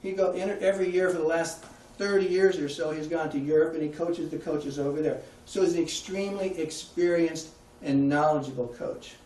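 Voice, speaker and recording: A man's voice: fairly high pitch, steady tone, a little fast, hardly any pauses, a little mellow, far from the mic. A man giving a conversational public talk, putting questions to his audience. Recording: echoey room, heard from afar.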